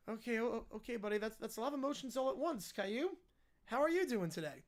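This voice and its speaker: A man hosts a mock game show with a dry, deadpan wit. His delivery rides lively ups and downs, and he tosses off wry asides between questions. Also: very high voice, fast. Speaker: host. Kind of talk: comedic parody game show hosting.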